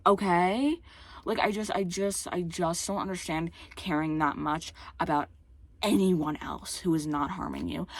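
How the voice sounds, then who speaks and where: A woman's voice: fairly low pitch, steady tone, measured pace, no room sound. A woman vlogging in a heated, exasperated rant, rambling and restarting, her speech a little slurred by a retainer and prone to voice cracks. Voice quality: occasional voice cracks. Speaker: YouTuber. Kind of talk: casual ranting vlog.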